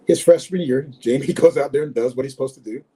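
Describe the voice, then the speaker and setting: A man in his sixties, a former football player, telling animated stories in an interview and acting out the people he quotes. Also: medium pitch, quick pace, husky, rough recording. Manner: animated storyteller, acts out quoted voices. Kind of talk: storytelling interview.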